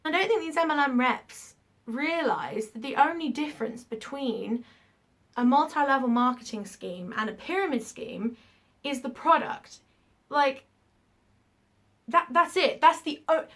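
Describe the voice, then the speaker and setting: A woman vlogs to camera in a frank, emphatic rant, swearing when she gets heated. Her voice is bright and a little high. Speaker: YouTuber. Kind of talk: casual vlog rant.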